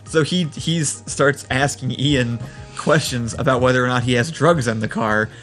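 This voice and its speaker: Male co-host, mid-pitch, dry and amused storyteller. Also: normal speed, fairly bright tone, faint music behind. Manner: wry, laughs while telling. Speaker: podcast co-host. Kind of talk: casual storytelling chat.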